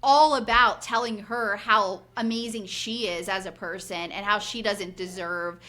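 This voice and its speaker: This podcast co-host, a woman in her forties, is giving a lively, casual recap, performing quotes and leaning on "like" as filler. Her medium-pitched voice is steady, pushed and bright, and moves a little slowly.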